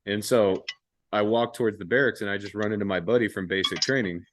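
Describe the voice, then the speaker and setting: A man's voice: fairly low pitch, quick pace, slight background noise. A young man hosting a podcast, telling a long army story in casual, profane chat. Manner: profane, animated storytelling with acted-out quotes. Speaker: podcast host.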